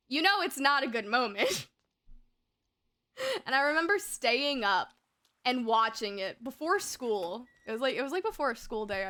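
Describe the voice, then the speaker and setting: Young streamer girl rambling thru a story, laughs a lot, kinda high pitched, super bright edgy tone. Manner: rambling, giggly, fillers and swearing. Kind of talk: casual storytelling on a live stream.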